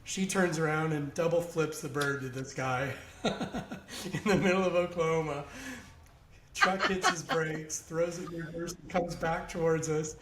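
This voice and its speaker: A man with a slightly raised pitch tells a story on a podcast, casual and animated, laughing along. The room rings with echo, and a faint hiss sits under his voice. He talks the way a guest does when he has told a story before and enjoys it. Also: measured pace. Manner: animated anecdote-teller who laughs along.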